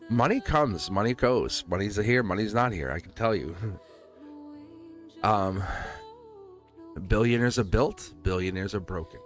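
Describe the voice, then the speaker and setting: A low-voiced man hosts a live tarot reading and chats loosely with his viewers. He laughs a lot and keeps throwing out rhetorical questions. Faint music plays behind him. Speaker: tarot reader hosting a live stream. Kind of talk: casual live-stream chat.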